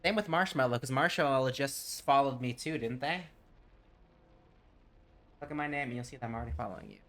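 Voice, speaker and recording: A Tennessee man streams a game and chats casually with viewers, rambling and getting sidetracked easily. His voice is medium-pitched and fairly bright, and he talks briskly.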